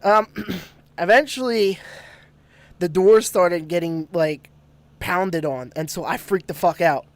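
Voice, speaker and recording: A man's voice: sits high, slow pace, dry recording. A man telling a ghost story on a podcast, laughing often and swearing freely. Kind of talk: casual storytelling.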